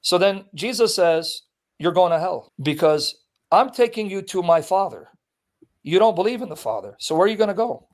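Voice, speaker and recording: Insistent high-voiced man debating. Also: lively intonation, normal speed. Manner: insistent, challenging, quotes verses emphatically. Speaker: Christian apologist debating a Muslim. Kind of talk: street debate, reading scripture aloud.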